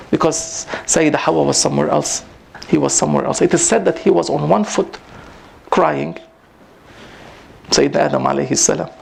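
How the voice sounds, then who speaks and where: A man giving an informal religious talk to a gathering, rising in pitch for emphasis and mixing in Arabic phrases. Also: vocal fry, a little hiss or hum. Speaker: Sufi teacher giving a talk. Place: prayer hall at a community gathering.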